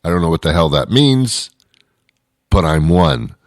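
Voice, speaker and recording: A man's voice: low voice, expressive, a little slow, dry recording, studio quality. A male radio show host delivering a comedic, rambling monologue with sarcastic, mock-boastful asides.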